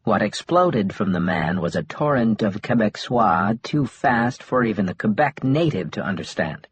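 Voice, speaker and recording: A man narrating an audiobook in measured, even storytelling. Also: on the low side, breathy edge, dry recording. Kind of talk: scripted narration.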